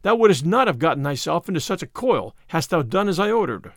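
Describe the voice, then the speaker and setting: A man's voice: a little high, very animated, brisk, no room sound, studio quality. A man voicing a jolly, bold outlaw leader who teases his friend in old-fashioned speech. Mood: bossy.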